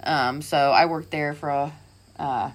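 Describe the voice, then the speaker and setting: Woman, podcast co-host, chatty, laughing, rambling, lower-pitched. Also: fairly even intonation, slow pace. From Indiana. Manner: rambling, laughs often, restarts. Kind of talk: casual chat.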